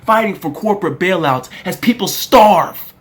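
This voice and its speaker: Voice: medium pitch, expressive, normal speed. A young adult political commentator delivering an angry, profane rant, addressing the listener directly and with strong emphasis.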